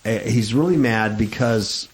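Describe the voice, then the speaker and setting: A man's voice: lowish voice, a little slow. Rambling, stammering Christian radio host man. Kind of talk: casual Christian talk radio chat.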